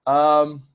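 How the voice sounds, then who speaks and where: A man in his twenties chatting on a live-streamed Q&A, animated, swearing and laughing often. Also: fairly high pitch. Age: 20s. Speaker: YouTube gamer and streamer.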